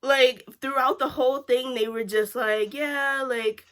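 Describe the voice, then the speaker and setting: A woman giving a casual reaction chat on a TV show, filling her sentences with "like". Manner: chatty, fills every pause with "like"; lively, jumps up in pitch when reacting. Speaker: vlogger reviewing a TV show.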